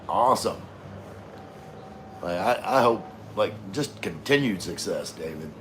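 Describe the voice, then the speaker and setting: A man's voice: sits low, lively intonation, unhurried, a bit bright, slight background noise. A man hosting a casual livestream, reading chat messages aloud in a laid-back, slangy, rambling way while having a few drinks.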